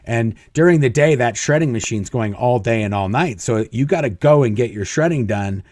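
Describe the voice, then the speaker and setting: A man's voice: mid-range voice, expressive, moderate pace, a little mellow, no echo. A man as an interview guest, telling stories casually, chuckling often and acting out quoted dialogue. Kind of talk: casual storytelling.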